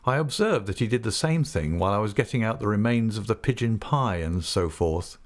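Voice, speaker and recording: Low-voiced man, expressive audiobook narration. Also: brisk. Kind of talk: scripted first-person narration.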